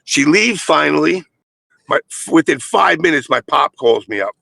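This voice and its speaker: Gravelly older man telling crude stories. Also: a little high, lively intonation, moderate pace, pushed and bright, dry recording, rough recording. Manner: profane, rambling storyteller. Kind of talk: casual chat.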